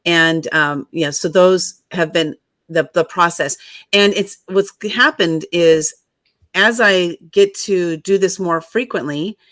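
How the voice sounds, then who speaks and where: Woman in her 50s telling her story on a video call, lowish voice, dry sound, acts out the quotes. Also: fairly bright tone, no room sound. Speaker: guest author and publisher. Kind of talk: storytelling interview.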